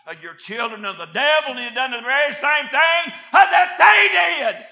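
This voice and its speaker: Man, preacher, shouted sermon, very high strained voice, gravelly edge, echoey room. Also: lively intonation, normal speed. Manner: shouting and dropping to hushed asides, with many "uh" fillers.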